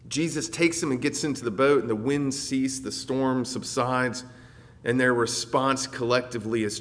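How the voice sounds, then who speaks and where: Guy preaching a sermon, goes big and loud then quiet, long echoey reverb. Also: medium pitch, fairly even intonation, normal speed. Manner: dynamic, swings between loud declaration and soft reflection. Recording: hall reverb.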